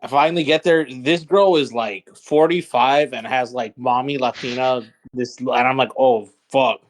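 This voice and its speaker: A man's voice: mid-range voice, steady tone, moderate pace. Laid-back man telling a story. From Rio Grande Valley, Texas. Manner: laid-back, hesitant, with fillers. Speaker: podcast co-host. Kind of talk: casual comedic storytelling.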